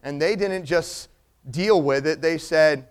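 A man telling a personal story as a sermon illustration, animated and acting out the people in it. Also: fairly high pitch, slow.

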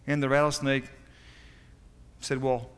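A pastor preaches a sermon, telling stories in a folksy, halting way. His voice sits a little high for a man. A long reverb hangs after his words, as in a large church. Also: fairly bright tone.

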